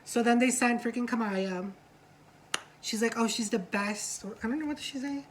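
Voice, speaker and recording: A woman co-hosting a reality show review in casual chat, gossipy and quick to swear, acting out what the cast said. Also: a little high, slight background noise, low-quality recording. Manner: chatty, gossipy, swears freely, acts out quotes.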